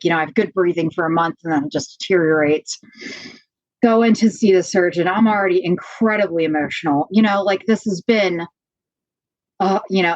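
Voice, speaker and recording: A woman's voice: lowish voice, no room sound. A woman from Pennsylvania, a podcast guest telling her own story frankly and with animation. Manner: frank, animated retelling, many fillers. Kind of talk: candid personal storytelling. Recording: slightly dull, dry lo-fi audio.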